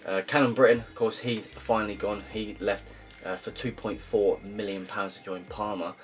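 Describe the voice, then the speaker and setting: A young man giving casual, rambling commentary on his football game career, full of ums and uhs, with loud upbeat greetings. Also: fairly low pitch, fairly even intonation, moderate pace. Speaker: gaming YouTuber. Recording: faint guitar music behind.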